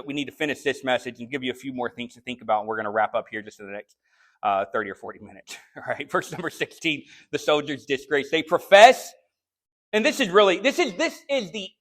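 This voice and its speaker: Guy preaching in church, high voice, chatty then yelling the rebuke parts. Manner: conversational, builds to sharp shouted rebukes. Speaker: pastor. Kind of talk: sermon. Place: church sanctuary.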